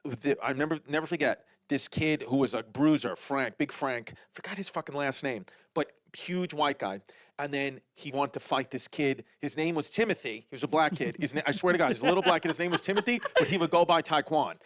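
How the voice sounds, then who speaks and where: Laughing New Yorker telling stories. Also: male voice, on the high side, brisk, a bit bright, no echo, clean studio sound. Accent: New York. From New York. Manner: playful, laughing storyteller. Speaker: podcast co-host. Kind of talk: casual comedy podcast storytelling.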